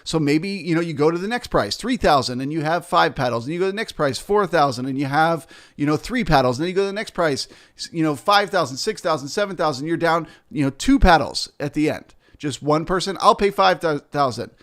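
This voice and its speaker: A man's voice: on the high side, lively intonation, brisk, fairly bright tone. A man teaching as a futures trader, explaining the market through rhetorical questions and frequent "right?" and "okay?" check-ins. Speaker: futures trader and trading educator.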